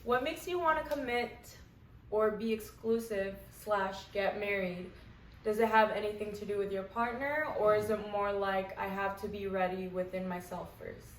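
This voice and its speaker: A woman hosting a casual podcast, reading out questions in a relaxed way. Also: medium pitch, normal speed. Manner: reads questions out clearly, relaxed. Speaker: podcast host. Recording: roomy, distant mic with faint noise.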